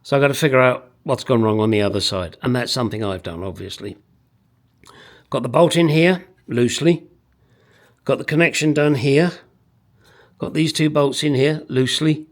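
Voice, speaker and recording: A motorcycle restoration vlogger with a mid-range voice speaks at a moderate pace, pausing often. Working in his home garage workshop, he mutters and swears while walking viewers through the job in casual commentary.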